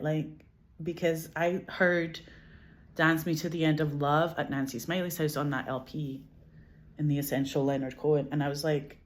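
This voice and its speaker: A woman with a Glasgow Scottish accent, chatting casually as an interview guest, animated, laughing often, swearing and saying "like" a lot. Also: sits low. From Scotland. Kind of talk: casual chat.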